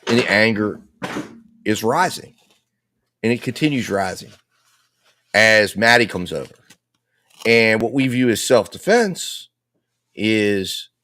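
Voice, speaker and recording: A man's voice: fairly low pitch, animated, measured pace, long pauses, fairly bright tone. A man commenting on a live trial, laying out and arguing with the other side's case in a repetitive, persuasive way. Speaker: legal commentator.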